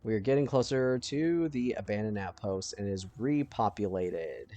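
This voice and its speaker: A man's voice: on the low side, animated, moderate pace. Chatty man narrating his gameplay. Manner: chatty, thinking aloud, bursts into panicked yelling. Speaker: let's play host. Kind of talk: casual gameplay commentary.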